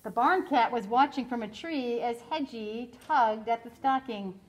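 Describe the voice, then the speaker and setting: Woman teacher, storybook read-aloud, fairly high voice, animated, faint background noise. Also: a little slow, low-quality recording. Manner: animated, stops to ask and explain to children. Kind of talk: reading a picture book aloud to children.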